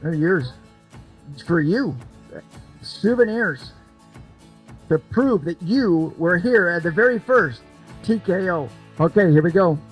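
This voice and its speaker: High-voiced joking older man emcee. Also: animated, takes it slowly, pauses often, slightly rough, soft background music. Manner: joking, repetitive, coaxing. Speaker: event emcee running a cornhole game. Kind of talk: lively crowd banter.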